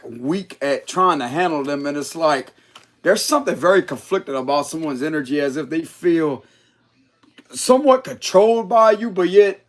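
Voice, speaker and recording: Offering a loose, unscripted tarot reading, this man speaks in a high voice that swoops up and down with a lilt. His monologue is blunt and full of profane slang, punctuated by laughter.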